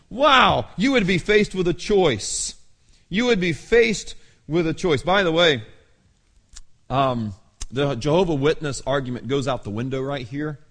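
A middle-aged male pastor preaching a sermon, telling the story with dramatic pauses and laughter. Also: sits high, lively intonation, fairly bright tone.

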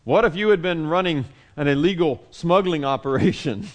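Man, pastor, sermon, slightly higher voice, swings from loud to hushed. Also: normal speed. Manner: animated, acts out quotes loudly then drops to soft hushed tones.

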